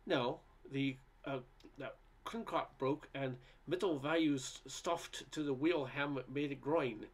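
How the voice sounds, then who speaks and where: A man's voice: medium pitch, breathy edge. A man voicing a brusque male washer repairman who rattles off garbled jargon. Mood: mumbling. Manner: garbled jargon, slow and offhand.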